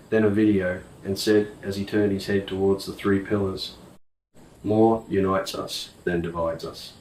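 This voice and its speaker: Deep, flat man narrating. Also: echoey room, recorded from a distance, slight background noise, rough recording. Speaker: audiobook narrator. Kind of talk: scripted narration.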